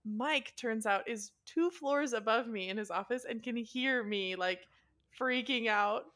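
A woman in her thirties, co-hosting a podcast in casual chat and telling a story with lively acted-out quotes. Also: a little slow. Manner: animated storyteller, acting out quotes with big pitch jumps. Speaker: podcast co-host.

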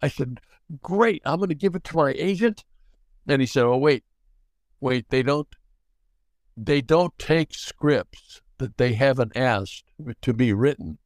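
An older man, a guest actor, telling anecdotes in an animated way and acting out the dialogue. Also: medium pitch, unhurried, no echo. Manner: animated, acts out dialogue in quotes. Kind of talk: anecdotal storytelling.

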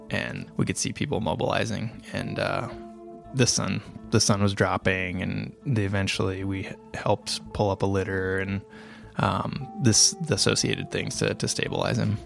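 A man telling a personal story in a halting, reflective way, with frequent restarts and fillers. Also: sits low, vocal fry, a bit bright. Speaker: interviewee telling his story.

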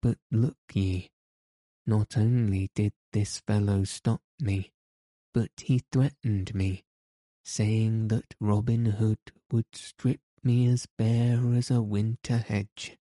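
A self-important old-world bishop airs his grievances in a low, flat, very slow and very dark voice, as a man reads him aloud. The storybook recording is dry and close. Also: no room sound. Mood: indignant. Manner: aggrieved, self-important complaining. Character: pompous indignant male bishop, portly. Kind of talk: audiobook character reading.

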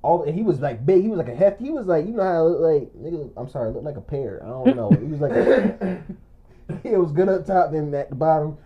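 A man's voice: fairly high pitch, animated, brisk. A young man telling a long, rambling story in casual chat, often breaking into laughter. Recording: muffled lo-fi recording.

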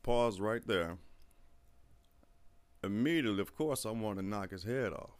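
A man telling a profane, animated story in casual chat, acting out the people he quotes. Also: on the low side, measured pace.

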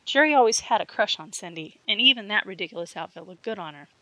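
Woman, audiobook narrator, steady storytelling, bright, dry recording. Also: medium pitch, quick pace, dry recording, rough recording. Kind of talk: erotic fiction reading.

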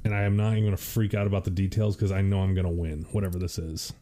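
A man's voice: deep voice, fairly even intonation, racing, warm tone, a little hiss or hum. A young man in his twenties co-hosting a podcast, telling a story in a laid-back, matter-of-fact way. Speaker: podcast co-host. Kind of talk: casual storytelling chat.

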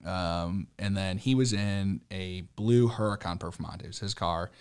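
A young man with a fairly low voice tells a story in a loose, casual conversation. He gets animated as it builds, laughing and cursing freely. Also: moderate pace, clean tone. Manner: animated, swearing, laughing often. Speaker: car dealership worker.

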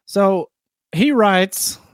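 A man co-hosting a casual sports podcast, animated and quick to exclaim and laugh. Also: high voice, clear, resonant tone, no room sound, studio quality. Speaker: podcast co-host.

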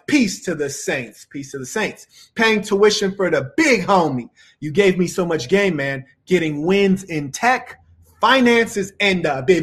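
A man with a noticeably high-pitched voice delivers motivational advice in a preachy, self-assured way. He reads out viewer messages and answers them, addressing his audience as saints and punctuating his points with "you dig?". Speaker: channel host answering viewer questions.

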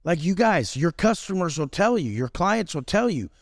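Cocky guy swearing a ton, pitch jumping all over, fairly high voice, dry room. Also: very animated, moderate pace, dry recording. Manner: profane, brash, intense. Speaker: podcast guest. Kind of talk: casual chat.

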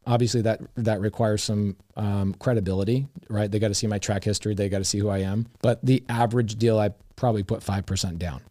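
A man's voice: fairly low pitch, fast talker, few pauses, no room sound, clean studio sound. A middle-aged man, an investor guest, telling casual stories and acting out the dialogue in them. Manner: animated, acts out quoted dialogue. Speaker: real estate investor guest. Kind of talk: casual storytelling.

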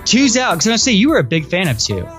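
A man's voice: high-pitched, huge pitch swings, fast, fairly bright tone, soft background music. Enthusiastic male podcast co-host. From Austin, Texas. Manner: enthusiastic, easygoing, with restarts. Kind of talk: casual movie podcast chat.

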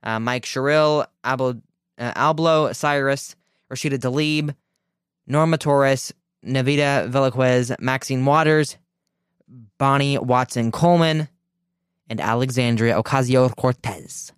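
Male radio host, indignant political monologue; smooth, resonant voice, dry close-miked sound. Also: medium pitch, steady tone, measured pace, dry recording. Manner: indignant, emphatic, with restarts.

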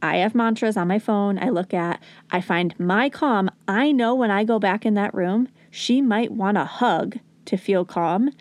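A woman's voice: mid-range voice, a little slow, few pauses, a little mellow, no echo. A woman hosting a parenting podcast, talking earnestly and coaching, at times acting out soothing words to a child. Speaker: podcast host and parenting educator. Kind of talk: conversational teaching talk.

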